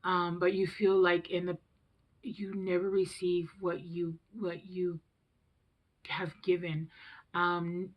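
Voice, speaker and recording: A woman's voice: lowish voice, flat delivery, slow, pauses often, dull audio. A woman in her thirties giving a casual tarot reading to camera, emotional and rambling, often trailing off and restarting her sentences. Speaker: tarot reader.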